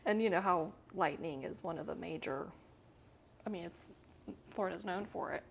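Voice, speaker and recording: A woman's voice: fairly low pitch, moderate pace, vocal fry, slight background noise. A woman in her fifties from Central America, a guest telling her story in a casual, chatty way, full of fillers and light laughs. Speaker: interview guest.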